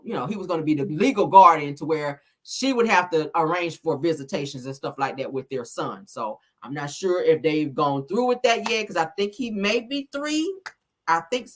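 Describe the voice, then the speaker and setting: A woman's voice: on the low side, expressive, moderate pace. A woman hosting a celebrity gossip commentary, blunt, profane and sassy as she reads viewer comments.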